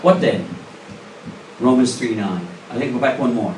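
Delivering a sermon at a moderate pace in a mid-range voice, a male pastor speaks earnestly and emphatically, pressing the congregation with direct questions. The church sanctuary recording is distant and echoey, with a noisy background.

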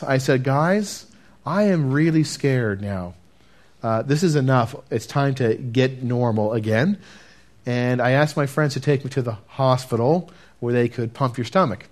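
A man preaching a sermon and telling his testimony earnestly, talking straight to the congregation and dropping to a hush at key moments. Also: medium pitch, expressive, moderate pace. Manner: earnest, addresses listeners directly, swings from loud to hushed.

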